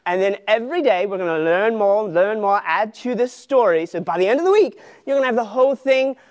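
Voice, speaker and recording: A male children's ministry leader giving an energetic Bible lesson for kids, coaxing them through motions. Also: high-pitched, brisk.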